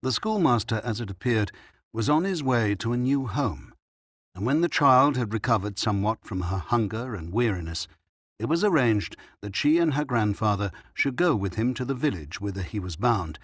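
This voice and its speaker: A man with a mid-range voice reads scripted narration of a classic story for an audiobook. His storytelling is measured and even. Clean studio audio, no room sound.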